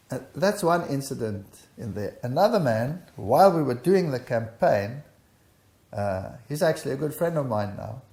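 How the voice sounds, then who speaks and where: Older guy telling a story, gravelly and dark voice, roomy echo. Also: medium pitch. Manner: animated storytelling, acts out dialogue. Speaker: interviewee. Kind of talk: recounting a personal testimony.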